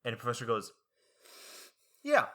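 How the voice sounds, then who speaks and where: A young man co-hosting a podcast, telling a story in casual chat, animated and full of "like" fillers. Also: medium pitch, fairly quick. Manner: animated storyteller, acts out quoted voices; frequent fillers like "like". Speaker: podcast co-host.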